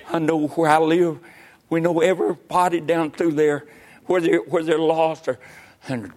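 An older man, preaching a sermon with folksy stories and sudden loud outbursts. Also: a little high. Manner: folksy storytelling, bursts into loud exclamations.

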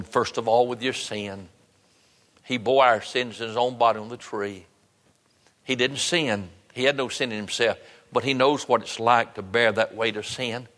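A man's voice: mid-range voice, fairly bright tone, long reverb tail. A man preaching a sermon and leading an altar call, earnest and pleading, repeating his phrases for emphasis. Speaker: pastor.

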